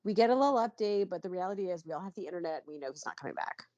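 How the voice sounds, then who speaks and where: A woman co-hosting a podcast in a casual chat, steering the talk along in a relaxed way. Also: on the low side, rapid-fire, dry recording, muffled recording. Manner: relaxed, wraps up segments. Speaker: podcast co-host. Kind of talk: casual chat about a soap opera.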